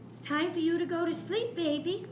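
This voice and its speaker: A woman voicing a gentle, calm mother bear who speaks softly and soothingly. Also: extremely high pitch, moderate pace, a little hiss or hum. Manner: soft and hushed. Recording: echoey room.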